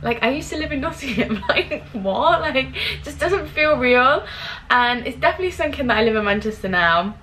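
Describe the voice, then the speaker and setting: A woman's voice: high-pitched, lively intonation, a little fast, a little hiss or hum, low-quality recording. A young woman vlogging in a casual chat, effusive and full of "like" fillers. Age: young adult. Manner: chatty, full of "like" fillers, warm and effusive toward viewers.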